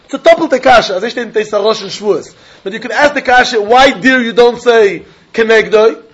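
A man with a Yiddish-inflected English accent teaching a Talmud lesson in an animated, sing-song learning cadence. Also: extremely high pitch, a little fast, breathy edge, lo-fi sound. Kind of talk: Talmud lecture.

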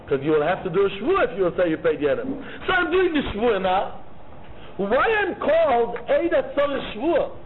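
A man teaching a Talmud lecture, arguing both sides of the case in an animated way and repeating key phrases. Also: sits high. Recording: tinny phone-like line with faint noise.

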